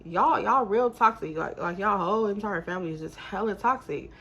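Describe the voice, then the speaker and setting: A young woman telling a story to her viewers in a casual, animated, exasperated way. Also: mid-range voice, fairly quick, slightly rough.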